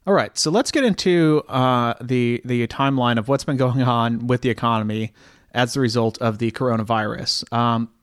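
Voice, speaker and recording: A man hosting a casual podcast chat, talking in a halting way with frequent restarts. His voice sits mid-range and is recorded close and dry, with no room sound. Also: mid-range voice, no echo. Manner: rambling, halting, many restarts and laughs. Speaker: podcast host. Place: New York apartment.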